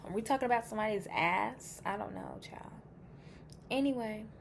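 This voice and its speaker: A woman's voice: medium pitch, normal speed, gravelly, slight background noise. A woman giving a casual pick-a-card tarot reading. She is chatty and blunt, swears freely, and thinks aloud as she reacts to the cards.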